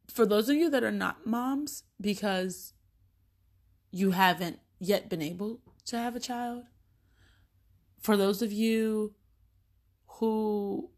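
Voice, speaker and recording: A woman in her thirties, a mother, talking casually and animatedly, acting out little exchanges with her children as she tells stories. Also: mid-range voice. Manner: chatty, animated, acts out little dialogues with her kids. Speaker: mother sharing parenting stories. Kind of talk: casual monologue.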